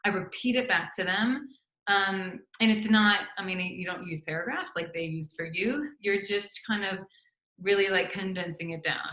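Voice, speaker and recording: A woman's voice: medium pitch, moderate pace, sharp tone, echoey room, poor audio. A middle-aged woman physician giving casual instructional advice to other doctors, talking conversationally with frequent fillers and restarts and acting out sample phone lines. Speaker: physician coaching doctors on practice building.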